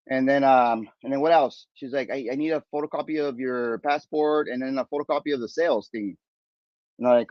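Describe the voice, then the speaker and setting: A man's voice: mid-range voice, normal speed, no echo, muffled recording. Rambling man telling a story casually. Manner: rambling, animated retelling with many fillers and restarts. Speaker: podcast host.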